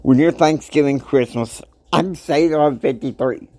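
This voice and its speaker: A man in his fifties hosting a motivational podcast, talking emphatically and preachily. He swings between soft asides and loud outbursts. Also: fairly high pitch, measured pace, dry recording. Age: 50s. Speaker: podcast host.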